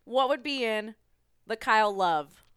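A woman hosts a casual podcast, steering the talk from item to item. Her voice is lively and bright, fairly high, and she laughs easily. The recording is dry and close. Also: a little slow, clean tone, no echo. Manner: upbeat, laughs often. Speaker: podcast host. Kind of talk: casual chat.

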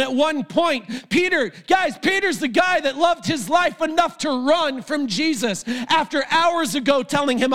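A male preacher delivering a sermon with passion, often raising his voice to a shout. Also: extremely high pitch, animated, normal speed, hardly any pauses.

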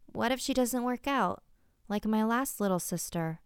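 A woman's voice: fairly high pitch, animated, normal speed, smooth, no room sound, studio quality, voice pushed up, close to an everyday voice. A woman voicing an eerie, sweet little girl who talks in an eager, childlike way.

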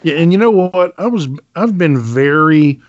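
A man's voice: on the high side, lively intonation, normal speed, dull audio. A man hosting a podcast in casual chat, laid-back and joking, with plenty of filler words. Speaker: podcast host.

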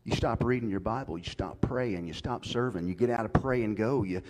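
A man preaching a sermon to his church, swinging from loud calls to soft whispers. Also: on the low side, a little fast. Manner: folksy, swings from shouted to whispered. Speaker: pastor.

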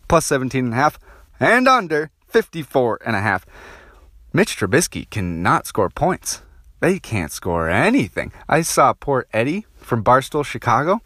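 A man's voice: medium pitch, fairly bright tone, no room sound, studio quality. Brash, profane man giving betting picks. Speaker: sports betting picks host. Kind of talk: casual betting picks monologue.

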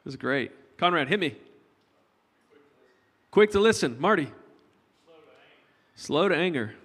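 A man's voice: on the high side, lively intonation, unhurried, fairly bright tone, husky. A middle-aged man preaching a conversational sermon to his congregation, joking with them as he goes. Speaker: pastor. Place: church hall. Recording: long hall reverb.

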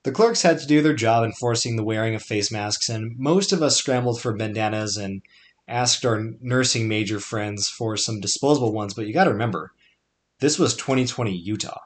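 A young man with a lowish voice narrates his own podcast memoir at a moderate pace, scripted yet conversational, wry and full of dry asides.

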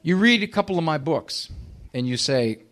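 A man's voice: fairly high pitch, lively intonation, normal speed, fairly bright tone. A man giving a live talk to an audience, emphatic and sarcastic, firing off rhetorical questions.

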